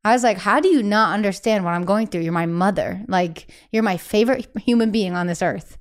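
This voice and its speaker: Chatty woman with a smooth, clear voice. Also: medium pitch, a little fast. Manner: chatty, many "like" fillers, acts out quoted voices. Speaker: singer-songwriter guest. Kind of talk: candid conversational interview.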